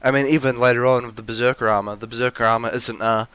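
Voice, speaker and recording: A man's voice: mid-range voice, fairly even intonation, quick pace, a bit bright, smooth. A young man in a ranty, rambling monologue, full of restarts and fillers, with mocking acted-out quotes of characters. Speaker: video essayist.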